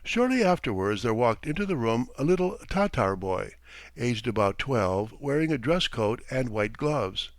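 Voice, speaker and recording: A man narrating a classic short story as an audiobook reader, in an even, unhurried way. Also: mid-range voice, no echo. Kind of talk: scripted narration.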